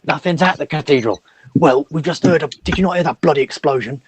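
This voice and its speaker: A man doing a booming, barking orc captain. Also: fast talker, a little hiss or hum, lightly acted. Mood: impatient. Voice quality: booming, commanding. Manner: barks orders. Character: shouting male orc captain, commanding and impatient.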